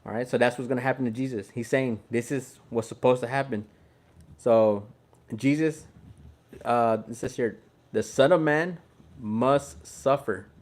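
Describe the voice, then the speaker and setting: A man's voice: mid-range voice, a little slow. Laid-back man reading scripture. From Houston, Texas. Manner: laid-back, chatty, repeats himself. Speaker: Bible reader. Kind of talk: casual Bible reading with commentary.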